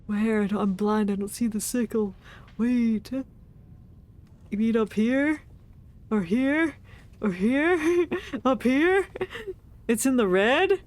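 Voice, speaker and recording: A woman's voice: on the high side, slow, pauses often, darkish tone. A woman streaming a game, chatting and reacting playfully with frequent giggles. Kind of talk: casual game commentary.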